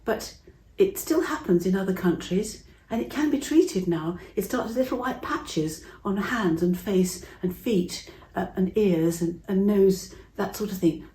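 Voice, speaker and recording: A middle-aged woman from England telling a Bible story to children in a chatty, expressive way, acting out the voices. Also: mid-range voice, a little slow, few pauses, echoey room.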